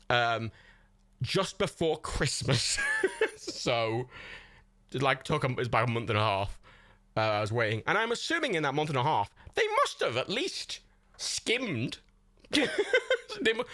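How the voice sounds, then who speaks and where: A young man chatting casually on a livestream, rambling, sweary and quick to laugh. His bright voice swings widely in pitch, and it sounds close and dry on a desk mic. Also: no room sound. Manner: rambling, sweary, laughs often, self-mocking. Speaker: livestream host.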